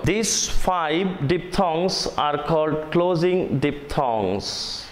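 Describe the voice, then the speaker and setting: A Bangladeshi-accented man, his voice sitting a little high, works through a phonetics lesson at a very slow, measured pace. He repeats each example word carefully. The recording rings with a roomy echo and a long reverb tail. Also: a little hiss or hum. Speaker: English teacher. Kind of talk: online class lecture on phonetics.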